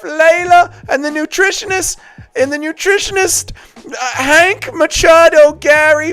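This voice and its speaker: A man doing a comic impression of a cocky young male fighter giving a soft, self-satisfied victory speech, in a high, strained voice. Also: full character voice.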